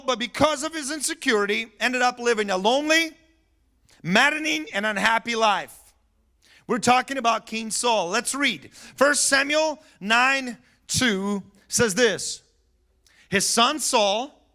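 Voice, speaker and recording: A man preaching a sermon as pastor, telling stories in a lively way, laughing and acting out what people said. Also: very high-pitched. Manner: animated storytelling with laughter and acted-out voices. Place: church sanctuary.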